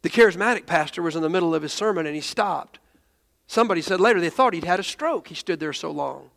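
A man's voice: sits high, animated, fast, vocal fry, a bit bright, long reverb tail. A male pastor telling a story in a sermon, emotional, often restarting his sentences and raising his voice when he quotes others.

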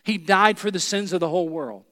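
High-voiced male pastor preaching in a reverberant hall. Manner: preaching with dramatic pauses, dropping low and soft for emphasis. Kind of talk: sermon.

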